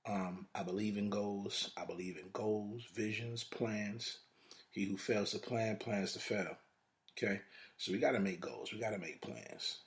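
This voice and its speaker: A man hosting a podcast, giving a motivational talk in a preacher-like way, with long repeated lists and rhetorical questions. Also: lowish voice. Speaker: podcast host.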